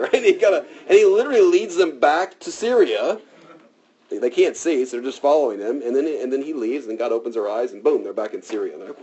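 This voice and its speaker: A man's voice: medium pitch, fast, dark tone, slightly rough. A man preaching a conversational sermon, casual and talky, often checking in with "right?", in a dull lo-fi recording.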